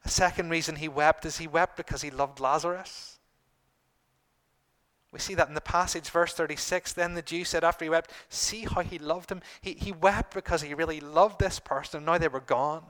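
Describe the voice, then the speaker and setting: A middle-aged man preaching a sermon to his congregation, earnest, repeating phrases and pausing for emphasis. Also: on the high side, fairly even intonation, fairly bright tone. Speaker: pastor.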